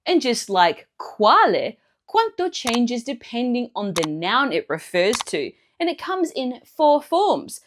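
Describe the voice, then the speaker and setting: A woman leads a scripted language lesson as the teacher, explaining each point clearly, step by step. Her slightly high voice has a sing-song quality with wide pitch swings, and she speaks slowly with few pauses. There is background noise.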